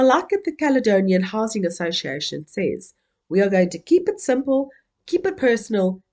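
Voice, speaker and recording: A woman's voice: mid-range voice, a little mellow. A woman from Africa, giving an interactive keynote and playfully coaxing the audience to join in. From South Africa. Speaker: keynote speaker.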